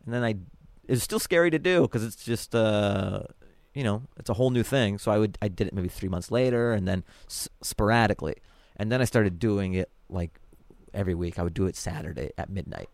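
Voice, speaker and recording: Laid-back man, low voice. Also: brisk, vocal fry, darkish tone, dry recording. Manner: laid-back storytelling with frequent fillers. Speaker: comedian guest. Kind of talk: casual podcast conversation.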